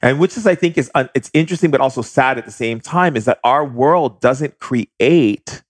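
A man's voice: mid-range voice, normal speed, dry recording, studio quality. A man guest earnestly telling a personal story, acting out the voices he heard. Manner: earnest, animated retelling, acts out voices. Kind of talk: casual storytelling.

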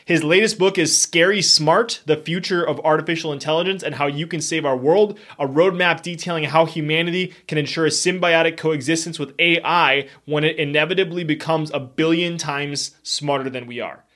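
A young man hosts a podcast in an effusive, emphatic, upbeat way. His voice sits a little high for a man. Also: moderate pace, few pauses, fairly bright tone. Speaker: podcast host. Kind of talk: enthusiastic podcast intro and interview.

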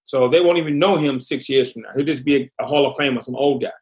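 Animated middle-aged male storyteller. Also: medium pitch, fast talker. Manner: animated storyteller, acts out quotes. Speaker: podcast guest. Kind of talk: storytelling interview.

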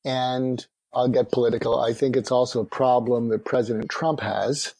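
Male sales trainer, interview guest, husky, dry close sound, frank storyteller. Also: medium pitch, fairly even intonation, moderate pace, a little mellow, dry recording. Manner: anecdotal, frank.

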